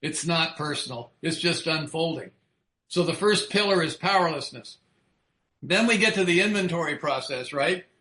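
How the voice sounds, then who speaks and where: Man, recovery talk, frank, rhetorical questions, tense bright tone, roomy echo. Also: fairly high pitch, expressive, moderate pace. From United States. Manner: earnest and frank, swearing freely, asking the listener rhetorical questions. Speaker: recovery speaker.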